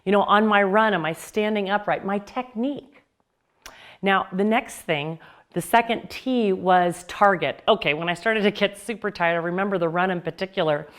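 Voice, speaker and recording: A woman's voice: mid-range voice, moderate pace. A woman hosting a self-help video, giving an upbeat motivational talk to camera built on personal anecdotes.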